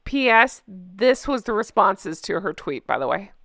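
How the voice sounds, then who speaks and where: A woman's voice: mid-range voice, measured pace, no echo, clean studio sound. A woman hosting a commentary show, chatting sarcastically and laughing a lot as she mocks a news story. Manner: laughing, mocking, animated. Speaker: host.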